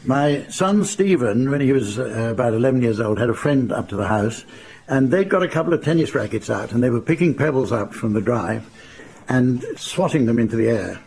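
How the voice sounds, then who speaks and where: An older man from England telling wry, dry family anecdotes in an unhurried storytelling style. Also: mid-range voice, expressive, gravelly, darkish tone, slight background noise. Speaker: raconteur. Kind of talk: anecdotal storytelling to a live audience.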